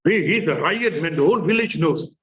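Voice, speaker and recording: A man's voice: on the high side, lively intonation, a little fast, poor audio. A man from Malaysia with a Malaysian English accent, a therapist giving a chatty conference presentation full of fillers and repeats.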